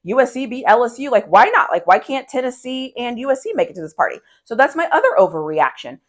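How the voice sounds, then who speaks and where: A woman's voice: on the high side, sing-song, fast. Emphatic woman giving sports hot takes. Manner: emphatic and playful, laughs often, repeats phrases for effect. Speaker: sports commentator. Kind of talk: casual opinion monologue.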